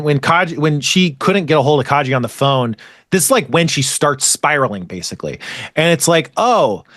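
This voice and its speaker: A man's voice: a little high, a bit bright, no echo, studio quality. A man hosting a podcast, casually recapping an episode in a rambling, filler-heavy way with many restarts. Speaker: podcast host recapping an anime. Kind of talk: casual chat.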